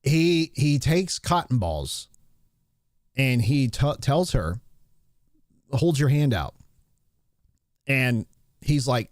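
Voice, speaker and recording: A man's voice: mid-range voice, sing-song, very slow, long pauses, darkish tone, no echo, studio quality. A man hosting a casual live stream, retelling a movie scene in a rambling way, restarting sentences as he recalls details.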